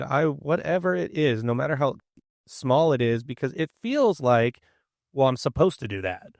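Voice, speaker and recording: Male podcast co-host, earnest and encouraging, mid-pitched voice, dry close mic. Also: very animated, moderate pace, gravelly, a little mellow, no echo. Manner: earnest, encouraging, explains at length. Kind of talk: casual conversational podcast chat.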